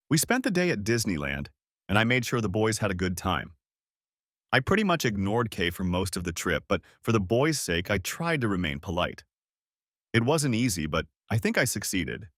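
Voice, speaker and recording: A man with a low voice and a lively, swinging delivery narrates a first-person story in a bitter, sardonic tone. The recording is dry and close, with no room sound. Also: no echo.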